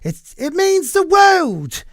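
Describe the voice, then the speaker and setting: A man's voice: very high voice, huge pitch swings, slow pace, a bit bright, no room sound, studio quality, pitched above the performer's own voice, exaggerated voice. A man putting on a young English male film star's voice in an exaggerated English accent, gushing thanks to fans. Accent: English, attempted. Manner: exaggerated, wobbly put-on accent.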